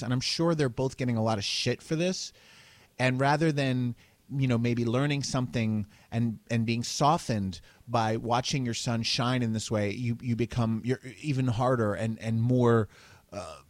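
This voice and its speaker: A man's voice: mid-range voice, no echo. Profane outspoken man hosting a podcast. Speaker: podcast host. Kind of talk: casual chat.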